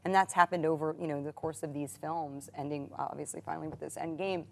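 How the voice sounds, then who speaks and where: An actress on a cast panel, talking thoughtfully and haltingly with many fillers. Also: female voice, deep voice, steady tone, gravelly. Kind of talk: reflective casual talk.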